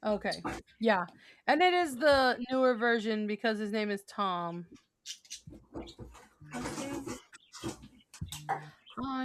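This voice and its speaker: A woman co-hosting a podcast, telling stories in a lively casual chat and laughing often. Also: fairly high pitch, creaky, background noise. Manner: animated storyteller, laughs often. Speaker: podcast co-host.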